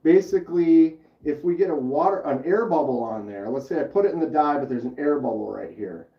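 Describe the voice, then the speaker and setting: A man's voice: a little high, brisk, vocal fry, echoey room, far from the mic, dull audio. A man hosting a casual livestream at home, chattily explaining each step and answering the chat aloud. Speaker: livestream host.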